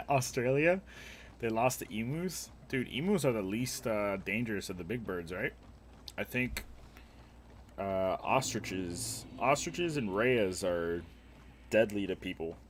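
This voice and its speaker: A man's voice: on the low side, lively intonation, slow, fairly bright tone, slight background noise. A man streaming live, bantering casually with crude jokes and lots of swearing, rambling with fillers as he talks. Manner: rambling, with frequent fillers and restarts. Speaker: livestreamer. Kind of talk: casual livestream chat.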